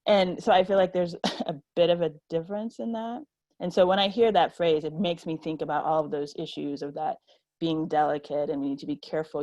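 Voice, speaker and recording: A reflective woman panelist with a very low voice. The recording is dry and close, with no room sound. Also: fairly even intonation, a little fast, mellow, no room sound. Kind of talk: roundtable discussion.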